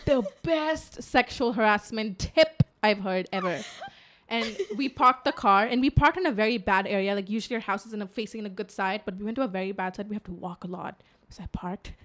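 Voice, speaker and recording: A woman in her twenties, co-hosting a podcast in casual chat, telling animated stories with lots of swearing and laughter. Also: mid-range voice, a little fast. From United Arab Emirates. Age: 20s. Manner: animated storytelling, swears freely, laughs often. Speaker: podcast co-host.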